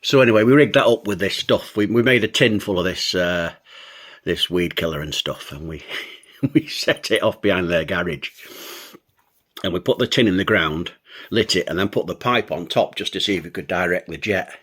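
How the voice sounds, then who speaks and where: A man's voice: sits low, normal speed, fairly bright tone, husky. An older man, a show host, telling a childhood story and laughing as he goes. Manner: amused, laughs between lines.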